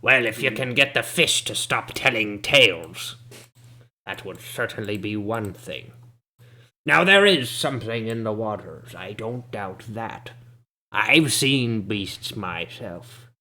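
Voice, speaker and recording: Gruff distrustful old townsman, slow grumbling delivery, a man doing the voice. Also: on the low side, animated, pushed and bright, full character voice. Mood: grudging.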